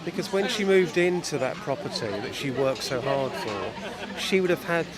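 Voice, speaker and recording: A man's voice: fairly high pitch, animated, normal speed, a loud crowd. Sympathetic male radio presenter outdoors. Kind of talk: radio interview and reading placards. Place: outdoors at a street protest.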